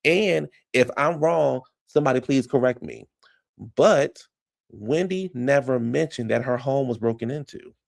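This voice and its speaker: A man's voice: medium pitch, measured pace, creaky. A man giving casual commentary, recapping reality TV in a chatty, incredulous way with lots of rhetorical questions.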